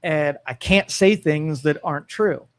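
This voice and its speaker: A man's voice: fairly high pitch, measured pace. A man co-hosting a call-in talk show, arguing earnestly from principle and putting questions to the listeners. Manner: earnest, argues from principle, asks the audience questions. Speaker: co-host. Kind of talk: political talk-radio commentary.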